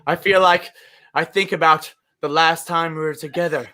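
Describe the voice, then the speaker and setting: A man with a high-leaning, bright, forceful voice speaks at a moderate pace with a steady tone. He plays a swooning, lovesick European-ish romancer in a put-on, non-specific European accent, hamming up an improvised sexy love letter.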